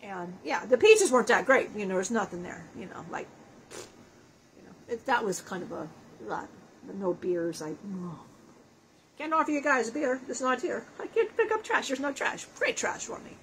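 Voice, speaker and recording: Woman channeling the spirit of a dead man, crude, self-mocking, laughs a lot, high voice. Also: very animated, normal speed, a little hiss or hum, rough recording. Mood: brash joking.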